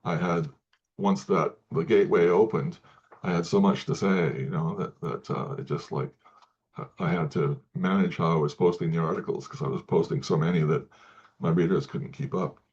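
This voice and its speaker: A man speaking as an interview guest, talking in halting sentences with many restarts and repeated words. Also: low voice, fairly even intonation, a little mellow, dull audio. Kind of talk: casual interview talk.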